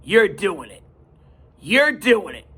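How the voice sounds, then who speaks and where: A man's voice: high voice, sing-song, takes it slowly, bright, forceful tone, husky, heavily acted. A man voicing a scheming, mocking older boss of a company, as he retells a story. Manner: sneering, mocking. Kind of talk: retelling with put-on voices.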